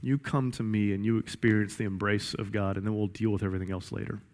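A man's voice: fairly low pitch, fairly even intonation, fast, darkish tone. A male pastor preaching a sermon in an emphatic style with lots of repetition. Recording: echoey hall reverb.

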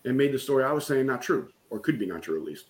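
A middle-aged man speaking as a guest in a conversation, with a voice at an ordinary pitch. He tells a painful personal story candidly and keeps checking in with "right?". The delivery is conversational and open. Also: very animated, fast talker. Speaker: guest, business coach.

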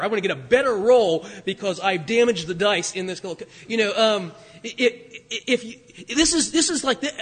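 A male pastor preaching a sermon in a church, conversational and animated, acting out little asides. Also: high voice, husky. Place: church sanctuary. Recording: long reverb of a worship hall.

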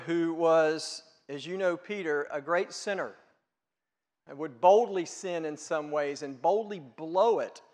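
A man preaching a sermon with a fairly high voice. He talks earnestly and conversationally, asking questions aloud. His voice rings with a long reverb, as in a big hall. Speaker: pastor.

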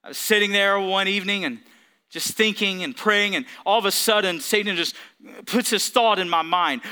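Bright-voiced man preaching. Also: sits high, normal speed, smooth. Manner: emphatic preaching with call-and-response. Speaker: pastor. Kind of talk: sermon.

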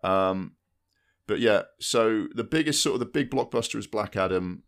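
A man's voice: fairly low pitch, moderate pace. A man co-hosting a podcast, chatting casually about new releases and rambling through restarts. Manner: rambling, restarts mid-sentence. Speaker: podcast co-host. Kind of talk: casual film chat.

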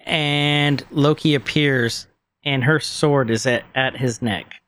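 A man co-hosting a podcast, recapping a show in casual chat, animated and quick to laugh, acting out quotes. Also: medium pitch, clean tone. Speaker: podcast co-host.

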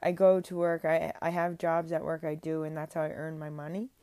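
A young woman with a lowish voice talks at home in a rambling, earnest way, restarting her sentences and leaning on "like." The sound is dry and close, with almost no room echo. It has the feel of a casual faith vlog. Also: little pitch movement, a little fast, warm tone. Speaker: faith vlogger. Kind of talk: casual spoken faith monologue. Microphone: speaking into a mic.

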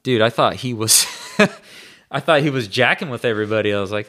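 A man's voice: mid-range voice, a little fast, a bit bright. Laid-back slangy man. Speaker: bass fishing angler. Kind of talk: casual chat to camera. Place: room at home.

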